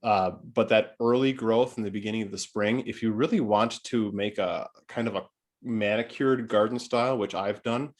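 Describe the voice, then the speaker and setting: A man's voice: fairly low pitch, steady tone, normal speed. Wisconsin man chatting on a garden podcast. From Wisconsin, Oshkosh. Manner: slightly nasal, rambling with fillers. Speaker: podcast host. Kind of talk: casual podcast chat.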